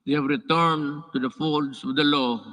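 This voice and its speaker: A man's voice: a little high, steady tone, bright, forceful tone. A man with a Filipino accent giving a formal address from a podium in a large indoor hall. He breaks into off-script asides and keeps restarting and correcting himself. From Philippines. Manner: halting, with restarts and self-corrections. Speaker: head of state giving an address. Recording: long reverb of a large hall.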